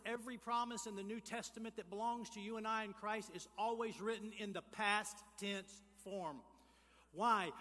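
Animated preaching man in a reverberant hall. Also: high voice. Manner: animated preaching, swings from quiet to shouting. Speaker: pastor. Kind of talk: sermon.

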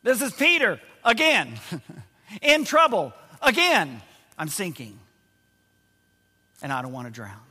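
A man voicing a frightened apostle sinking in the sea, pleading out loud in a fairly high, bright voice. The reverb of a large hall trails each cry. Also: huge pitch swings, slow, pauses often, breathy edge, heavily acted.

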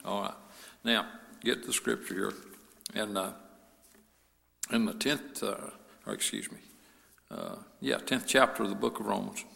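Male pastor, bright and high-pitched, fervent sermon delivery, reverberant church sanctuary. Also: sing-song, measured pace, creaky, long pauses. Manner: rising to an impassioned preaching cadence, with many "uh" fillers. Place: church sanctuary, broadcast service. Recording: long reverb of a church hall.

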